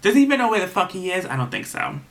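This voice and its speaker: A man with a bright, slightly higher voice recaps a reality TV episode in a loose, chatty way. He swears freely and gets animated as he retells the drama. He slips into the cast's quoted lines as he goes. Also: racing.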